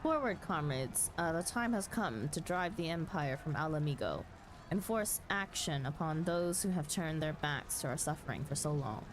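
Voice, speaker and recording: A fiery rebel leader rallies his comrades to fight, as a woman reads his speech aloud. His low voice rises and falls widely in pitch. A faint hiss lies beneath it. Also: lively intonation, moderate pace. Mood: rousing. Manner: rallying battle speech. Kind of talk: reading game dialogue aloud.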